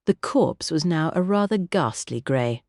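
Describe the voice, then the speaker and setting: Low-voiced woman narrating an audiobook. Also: measured pace, dry recording, clean studio sound. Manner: expressive storytelling.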